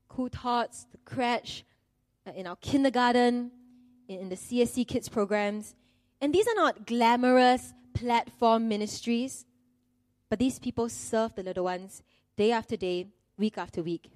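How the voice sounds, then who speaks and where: A woman's voice: on the high side, a little mellow, no room sound. A middle-aged woman, preaching a sermon in an earnest, conversational way with self-deprecating humor.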